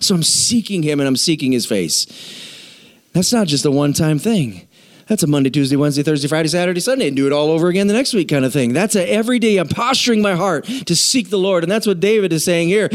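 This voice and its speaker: High-voiced earnest male pastor. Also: animated, fairly quick. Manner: earnest, conversational, emphatic. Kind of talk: sermon.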